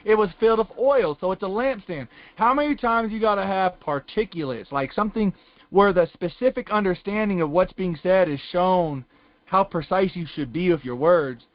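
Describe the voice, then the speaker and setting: High-voiced man rambling on a lo-fi call. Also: moderate pace, dry recording. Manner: rambling, colloquial, repeats "it's like". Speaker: class participant. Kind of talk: casual testimony on a call-in Bible class. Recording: dull lo-fi conference call line.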